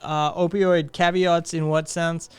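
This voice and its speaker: A man's voice: a little high, little pitch movement, unhurried, smooth, no echo, faint music behind. A man hosting a live stream, chatting casually, reading viewer comments aloud, blunt and profane with sarcastic laughs.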